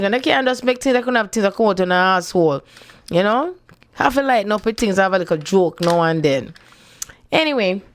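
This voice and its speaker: A woman's voice: medium pitch, vocal fry. A woman from Jamaica with a Jamaican accent, giving a casual spiritual talk and playfully switching between patois and standard English. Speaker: spiritual speaker.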